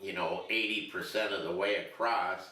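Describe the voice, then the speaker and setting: A man's voice: low-pitched, steady tone, normal speed, bright, forceful tone. An older man telling a rambling, self-mocking story in a casual interview. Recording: roomy echo, distant mic.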